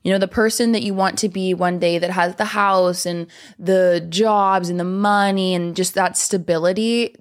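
A young woman hosting a podcast in a casual, chatty monologue, bubbly and giggly, talking affectionately to her listeners. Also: fairly low pitch. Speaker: podcast host.

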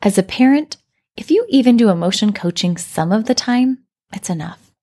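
A woman hosting a parenting podcast, telling a story and explaining in a calm, reflective scripted way. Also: mid-range voice, normal speed. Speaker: podcast host.

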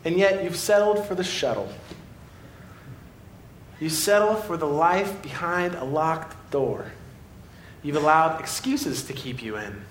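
A man preaches with a fairly high, lively voice that jumps from excited storytelling to quiet, earnest moments. The sermon is recorded in an echoey church room with a faint low rumble underneath. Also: measured pace. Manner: animated storytelling, swings between excited and quiet. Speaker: pastor.

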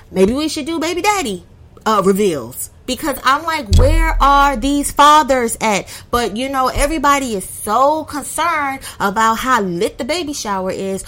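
A woman's voice: sits high, fairly bright tone. A woman tells a story casually and animatedly, acting out her friends' voices and swearing freely.

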